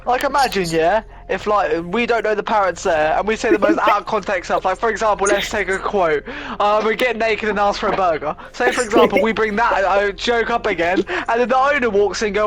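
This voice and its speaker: A man's voice: high voice, brisk, few pauses. A young man chatting casually, telling rowdy, sweary stories with lots of energy. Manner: rowdy, sweary, animated storytelling. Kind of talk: casual chat.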